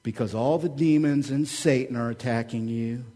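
A man from Oklahoma preaching a sermon as pastor, swinging from hushed asides to loud, joking, animated stretches. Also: mid-range voice, moderate pace.

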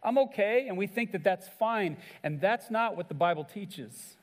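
A man's voice: expressive, moderate pace, in a large hall. A man preaching a sermon as a pastor, earnest, acting out quoted lines with rises and drops in voice. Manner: earnest preaching, acts out quoted lines with shifts in pitch and volume.

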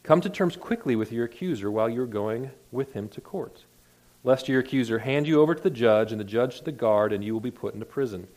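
A man's voice: mid-range voice, animated, brisk, darkish tone. Earnest man preaching a sermon. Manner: earnest, conversational preaching with repeated restarts. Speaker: pastor.

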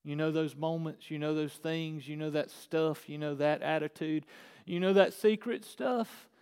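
High, resonant preaching man in a hall. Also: fairly even intonation, unhurried, clean tone. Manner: preaching with dramatic swings from hushed to shouting. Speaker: pastor. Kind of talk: sermon. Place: church sanctuary. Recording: echoey church hall.

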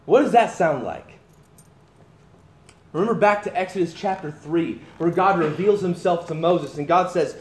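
A man teaching verse by verse from the Bible as a pastor, emphatic and animated, with frequent restarts and asides. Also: on the high side, moderate pace, reverberant.

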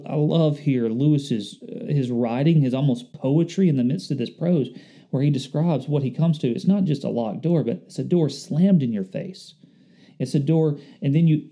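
Earnest man preaching with a warm, mellow voice. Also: a little high. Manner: earnest, conversational, reflective. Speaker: pastor. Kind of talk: sermon.

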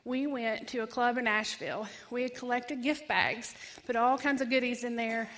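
A woman, telling her personal testimony in an animated way, acting out voices and laughing often. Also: on the high side, normal speed. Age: 30s. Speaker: ministry founder giving testimony.

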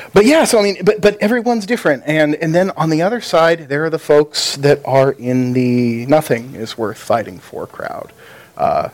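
A man preaching in a relaxed, conversational way. He keeps a dry, easy storyteller's delivery as he talks to a congregation, at a middle pitch. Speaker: pastor. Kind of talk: sermon with a told joke.

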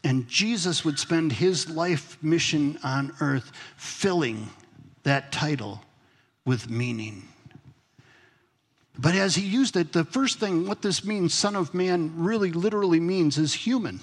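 Husky-voiced man preaching in a reverberant hall. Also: on the high side, animated, unhurried. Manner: conversational preaching, asks the congregation questions. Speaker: pastor. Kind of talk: sermon. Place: church sanctuary.

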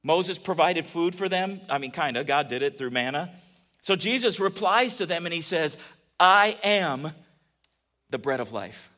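A man preaching a conversational sermon, asking his listeners questions and moving between quiet asides and emphatic peaks. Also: on the high side, measured pace. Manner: animated, asks the audience questions, swings between soft asides and emphatic peaks. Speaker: pastor.

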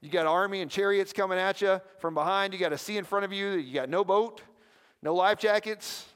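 A man preaching a sermon as pastor, lively and conversational, often prompting the listeners with questions. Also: sits high, brisk, clean tone. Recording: long hall reverb.

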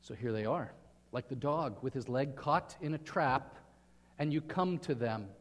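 A man's voice: medium pitch, a little slow. A man preaching a sermon in earnest, often putting questions to his listeners. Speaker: pastor. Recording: reverberant hall.

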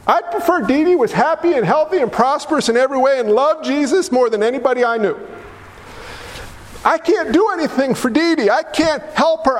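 A man preaching a sermon as pastor, emphatic and folksy, with sudden swings in pitch. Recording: long hall reverb.

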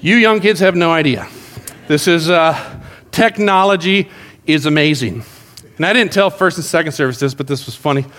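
Middle-aged male pastor, animated and joking; high voice ringing through a big hall. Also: normal speed. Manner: animated, joking storyteller acting out quotes. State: out of breath. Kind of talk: sermon. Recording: long hall reverb.

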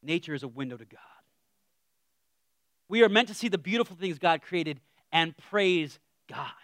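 A man preaching a casual, humorous sermon, animated, with self-deprecating asides that trail off quietly. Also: a little high, moderate pace, no echo, clean studio sound.

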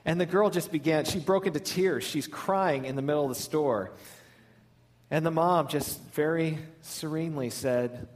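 A male lead pastor giving a sermon, telling a funny story in a warm, storytelling manner. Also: on the high side, normal speed.

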